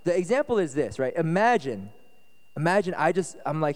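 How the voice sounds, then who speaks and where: A man preaching a casual, conversational sermon as pastor at a retreat, relaxed and chatty, often checking that listeners follow. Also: a little high, a little fast. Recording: echoey hall reverb.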